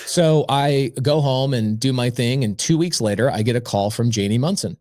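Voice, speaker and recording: Dry-voiced man telling a lively anecdote. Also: medium pitch, moderate pace, dry recording, faint music behind. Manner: lively anecdote-telling, acts out quoted dialogue; conversational, frequent "like" and "I go". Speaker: podcast guest. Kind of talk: casual storytelling.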